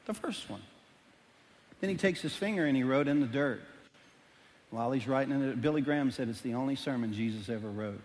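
A middle-aged man, preaching a sermon as pastor, telling stories animatedly and swinging between loud and hushed. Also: mid-range voice, fairly quick, long pauses. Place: church auditorium. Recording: long reverb of a large hall.

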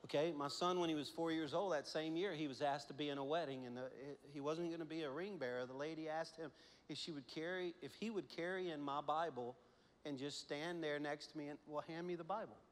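A man's voice: on the high side, brisk. Man preaching in a reverberant church. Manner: animated storytelling, laughs often, swings from hushed to loud. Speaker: pastor. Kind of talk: sermon.

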